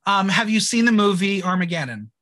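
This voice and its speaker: A man with a high, bouncy voice that swings up and down as he hosts a relaxed recap chat. He sounds bright and forward, playful and theatrical. His voice is recorded close and dry, with no room sound. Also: a little fast, no room sound. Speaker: podcast host.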